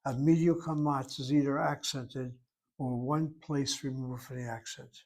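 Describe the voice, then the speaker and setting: A man's voice: medium pitch, steady tone, measured pace, creaky, a little mellow. An older man teaching a Hebrew lesson, explaining rules methodically and repeating key points as he writes on a board. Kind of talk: classroom lecture at a whiteboard.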